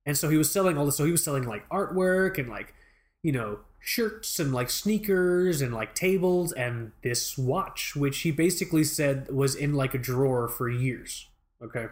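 A man's voice: a little high, lively intonation, normal speed. A man co-hosting a podcast, telling a rambling, profane story in mock fury in casual chat. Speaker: podcast co-host.

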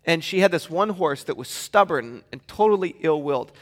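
A man's voice: a little high, expressive, moderate pace, fairly bright tone. A man in his thirties preaching a sermon as pastor, telling stories animatedly with playful asides. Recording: long hall reverb.

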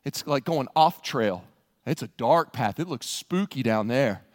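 A male pastor preaching a sermon, telling a story with lively acted-out voices and laughter. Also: mid-range voice, measured pace.

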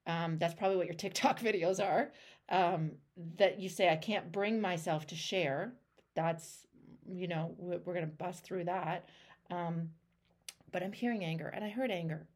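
A woman's voice: fairly low pitch, moderate pace, a little mellow. A woman hosting a one-on-one coaching call, talking emphatically and acting out the voices in people's heads, with casual swearing. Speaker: life coach and show host.

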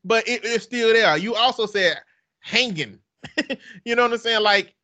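A man's voice: very high-pitched, normal speed. A man with an Alabama Southern accent, chatting casually and expressively, cursing and laughing often. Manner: animated, profane, laughing often. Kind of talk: casual chat.

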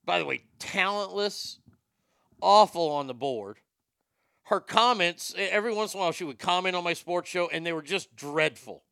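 A man hosting his own show, ranting about politics with sarcasm and frequent swearing. His voice sits fairly high, with a gravelly rasp and a bright, sharp edge. The sound is dry and close. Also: normal speed, no room sound. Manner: profane, sarcastic, boastful. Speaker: show host.

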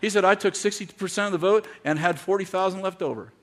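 A man preaching a sermon to a congregation, telling stories with quoted dialogue and building to shouted, repeated lines. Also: high-pitched, quick pace. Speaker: pastor. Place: church in front of a congregation.

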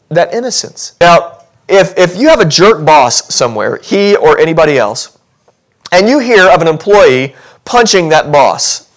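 Guy preaching in church, kinda high voice, chatty then gets really worked up. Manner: conversational preaching, rising to animated intensity. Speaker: pastor. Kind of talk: sermon. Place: church sanctuary.

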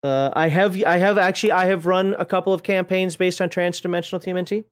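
A man's voice: sits high, fairly even intonation, fast, clear, resonant tone. A man chatting casually as a streamer while paging through tabletop game books, rambling, swearing offhand and laughing at himself. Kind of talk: casual chat.

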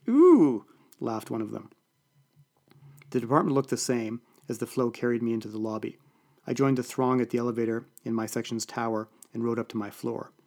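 A man's voice: medium pitch, darkish tone. A man with a Canadian accent reading a first-person story aloud in a dry, wry way. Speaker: audiobook narrator. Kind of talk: first-person scripted narration.

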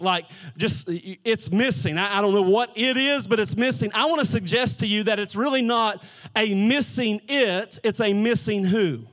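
A male pastor with a notably high voice delivers a sermon inside a church. His preaching is conversational and casual, often doubling back on his words as he talks. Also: fairly bright tone. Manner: conversational preaching with repeated restarts. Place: church sanctuary.

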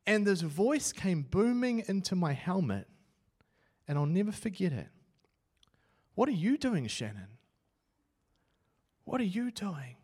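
Animated man preaching a story. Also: fairly high pitch. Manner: animated storytelling, swings from loud to hushed. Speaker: pastor. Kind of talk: sermon with personal story.

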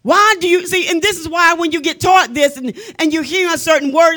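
A woman preaching a sermon with fervent emphasis, building to loud exclamations and sometimes dropping to a hush. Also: very high voice, moderate pace, few pauses. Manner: drops to hushed tones for dramatic effect.

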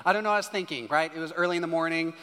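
A man preaching a sermon as a pastor, telling a story with lively acted-out dialogue. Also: fairly high pitch, rapid-fire, clean tone. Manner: animated storytelling, acting out dialogue. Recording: hall reverb with faint music.

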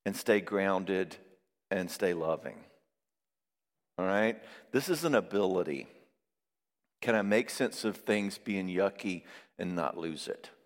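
A man preaching a sermon on marriage, lively and conversational, acting out quoted voices now and then. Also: low voice, slow, pauses often. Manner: animated, acts out quoted voices. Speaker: pastor and therapist. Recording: long reverb of a hall.

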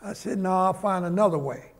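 High, gravelly older New man. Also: brisk. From Harlem, New York. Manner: vivid anecdotal storyteller, acts out the people in his stories. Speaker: guest, former Olympic sprinter. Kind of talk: storytelling on stage. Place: large auditorium, live event.

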